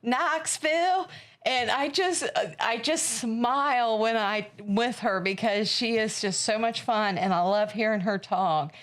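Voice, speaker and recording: A woman from Ohio, a podcast guest in casual chat, telling stories in a lively way with some casual swearing. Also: on the high side, measured pace, hardly any pauses.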